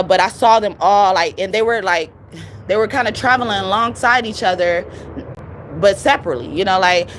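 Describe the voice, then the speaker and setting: A woman giving a casual live tarot reading, with a strained voice, animated and profane, repeating phrases for emphasis. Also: mid-range voice, slight background noise. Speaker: tarot reader.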